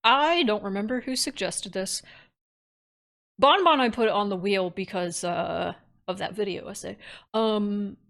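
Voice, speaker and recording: A woman's voice: medium pitch, unhurried, vocal fry, a bit bright. A woman streamer giving candid, casual commentary on a horror game, thinking aloud and swearing freely.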